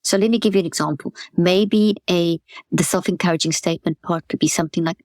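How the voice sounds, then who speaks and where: A woman's voice: lowish voice, steady tone, fast talker, darkish tone, no room sound. A woman hosting a podcast, explaining a mental health method in an earnest coaching way, often repeating and restarting her words. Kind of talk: webinar talk, explaining and coaching.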